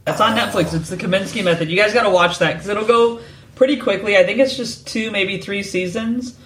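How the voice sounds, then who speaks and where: Male podcast host, fairly high voice, relaxed question-asker. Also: a little fast, slight background noise, poor audio. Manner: easygoing, asks questions, short agreeing replies. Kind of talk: casual interview.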